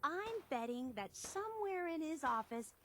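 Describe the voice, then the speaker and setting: A woman voicing an eager female collector obsessed with a soft drink, speaking with bubbly enthusiasm in video game dialogue. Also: big pitch swings, moderate pace, slight background noise. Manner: enthusiastic, bubbly sales pitch.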